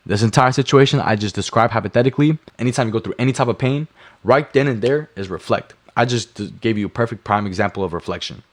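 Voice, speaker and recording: A man's voice: mid-range voice, quick pace. A young man livestreaming a motivational talk, blunt and profane, hammering his points with repetition.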